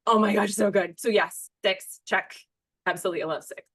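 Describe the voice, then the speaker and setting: A woman's voice: mid-range voice, steady tone, fairly quick, a bit bright. An American woman in her thirties hosting a podcast, chatting in a gushing, rambling way and often breaking off mid-sentence. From United States. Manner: gushing, rambling, self-interrupting. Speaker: podcast host. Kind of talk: casual podcast chat.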